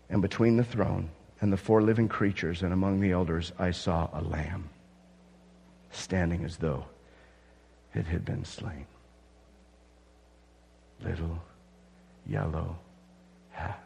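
Husky-voiced man preaching in an echoing hall. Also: deep voice, steady tone, takes it slowly, long pauses, a little mellow. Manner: dramatic, voicing awed onlookers in rising outbursts. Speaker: pastor. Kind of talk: sermon.

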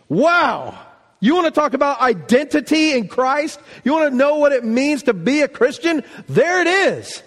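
A man preaching a sermon, telling a story with animated delivery and acting out quoted lines. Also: very high-pitched, moderate pace, long reverb tail. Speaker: pastor.

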